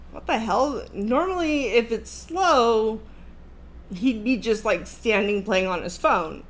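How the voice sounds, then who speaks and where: A woman in her thirties hosting a livestream, telling a story in a casual, animated, profane way and laughing along the way. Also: mid-range voice. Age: 30s. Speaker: livestream host.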